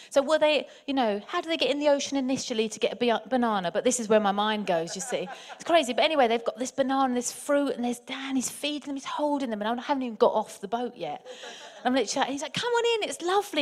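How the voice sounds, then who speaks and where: A woman from England telling a personal story in a chatty, animated way, often turning to address her listeners directly. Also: sits high, fast. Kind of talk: anecdotal storytelling.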